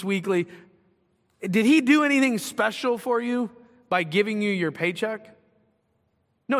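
A man's voice: sits high, fairly bright tone. Man preaching in an echoing hall. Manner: conversational preaching with rising emphasis. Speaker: pastor. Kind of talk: sermon.

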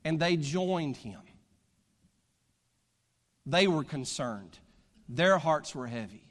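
A man's voice: fairly high pitch, animated, slow, a bit bright. A male preacher, delivering a sermon, reading scripture aloud and building to fervent preaching. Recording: long hall reverb.

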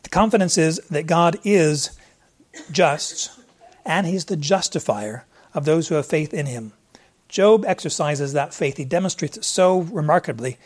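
A man with a somewhat higher voice works through a scripture passage in an earnest, conversational sermon. He often doubles back and restarts his phrases mid-thought. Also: a little slow. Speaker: preacher. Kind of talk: expository sermon.

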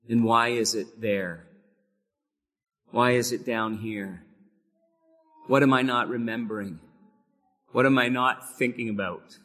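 A man's voice: mid-range voice, fairly bright tone. A man preaching a sermon, earnest and building to emphatic peaks on key phrases. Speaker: pastor. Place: church sanctuary. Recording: long hall reverb.

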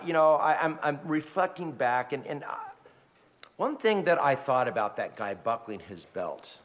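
Animated male pastor preaching in reverberant church. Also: medium pitch. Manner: animated storytelling with emphatic rises. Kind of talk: sermon with scripture reading. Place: church sanctuary.

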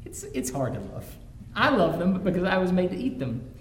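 A pastor preaches a sermon in a high, very animated male voice at normal speed, telling stories from his own family life and rising to fervent emphasis. The recording has a roomy echo and faint background noise.

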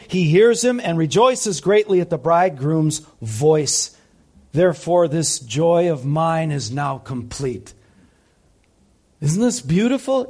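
A man preaching a sermon, impassioned, swinging between loud peaks and soft, quiet passages. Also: fairly high pitch, breathy edge. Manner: impassioned, rising loud then dropping soft. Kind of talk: sermon teaching.

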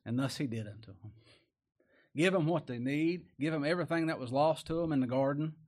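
A man preaches in a plain, folksy way, with a voice pitched a little higher than most men's. He reads old-style verses aloud, then breaks them down, climbing to loud emphatic peaks before dropping low and quiet. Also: brisk. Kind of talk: sermon.

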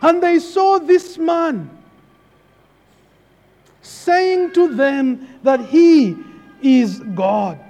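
A man's voice: extremely high pitch, very slow, pauses often, darkish tone. A man preaching a sermon, emphatic and repeating key phrases for weight. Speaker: pastor. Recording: long hall reverb.

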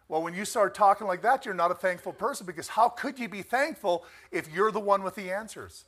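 High-voiced preacher calling out for amens. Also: male voice, animated, fairly quick. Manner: emphatic, rising to near shouts on key phrases; asks the congregation for amens. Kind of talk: sermon.

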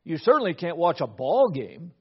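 A man's voice: on the high side, big pitch swings, normal speed, slightly rough. A middle-aged man preaching a sermon, telling a family story with repeated words at the start of phrases. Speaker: pastor. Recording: dull lo-fi recording.

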